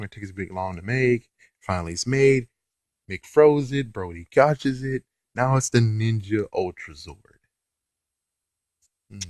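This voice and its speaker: A man's voice: on the low side, no echo. A man casually recapping a TV episode, rambling and exasperated, swearing now and then. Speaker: reviewer.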